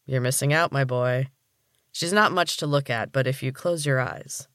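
Male narrator plays a smug bossy gym chief, mid-pitched, dry close read. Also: moderate pace, fairly bright tone, clear, resonant tone, no room sound, lightly acted. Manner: smug commanding. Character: older male gym boss, smug and domineering.

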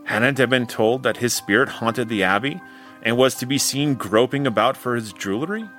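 A man's voice: mid-range voice, moderate pace, a bit bright, faint music behind, lightly acted. A man voicing a stubborn old village man who speaks in a rustic, insistent way. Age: older.

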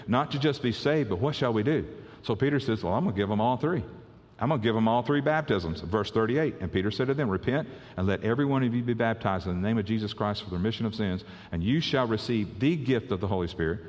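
A man's voice: lowish voice, fast, a little mellow, big-room sound. A male pastor preaching a conversational sermon, often repeating words as he restarts his sentences.

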